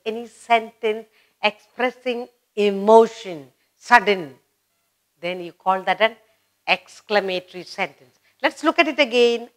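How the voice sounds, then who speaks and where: A woman with an Indian English accent teaching a grammar lesson, slowly and patiently repeating example sentences. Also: medium pitch.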